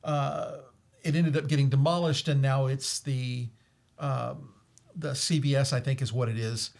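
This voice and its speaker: A man's voice: mid-range voice, fairly even intonation, measured pace, gravelly, darkish tone. A man hosting a casual talk, telling a ghost story with many fillers and restarts and frequent laughs. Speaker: host.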